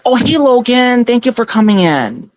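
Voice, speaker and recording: A woman's voice: a little high, sing-song, normal speed, dry recording. A woman hosting a casual tarot livestream on her phone, chatty and giggly, thanking viewers by name as she reads their comments. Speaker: tarot reader and livestream host.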